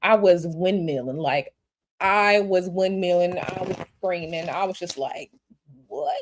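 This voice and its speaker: A woman reading tarot on a livestream, answering viewer questions in a blunt, animated, repetitive way. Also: lowish voice, unhurried, slight background noise. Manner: blunt, animated, repeats herself. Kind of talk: casual livestream chat.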